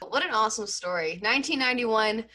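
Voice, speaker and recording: A woman's voice: on the high side, animated, quick pace, pushed and bright. A woman hosting a casual interview, reacting eagerly to her guest's story.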